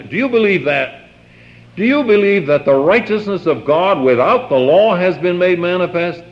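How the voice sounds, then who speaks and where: An older man preaching a sermon, reading scripture aloud and stopping often to explain it, repeating key phrases with emphasis and asking the congregation to answer back. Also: a little high. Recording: dull lo-fi old sermon tape.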